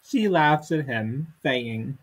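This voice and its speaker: A man's voice: medium pitch, expressive, takes it slowly, breathy edge, rough recording. A man co-hosting a podcast, reading a comic text aloud and dropping dry, wry asides. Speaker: podcast co-host.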